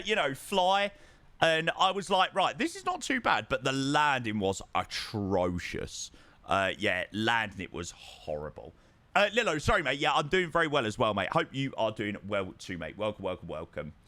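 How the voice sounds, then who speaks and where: Lively man chatting on stream. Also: medium pitch, no echo. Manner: chatty, greets viewers, reads and answers chat. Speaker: flight sim streamer. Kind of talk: casual live-stream chat.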